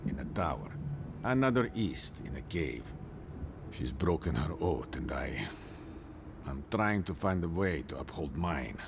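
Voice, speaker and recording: Tired warden captain in a video game, super deep voice, grave and measured, noise behind. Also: male voice, full character voice. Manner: solemn, measured, drops to near-whisper at line ends. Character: weary male warden captain bound by oath.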